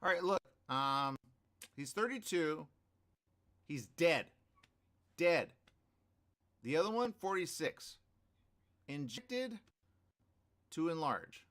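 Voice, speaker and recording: A man's voice: fairly high pitch, takes it slowly, pauses often. A man hosting a radio morning show, reading news stories aloud with joking commentary and frequent laughter. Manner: animated, laughing, repeats phrases.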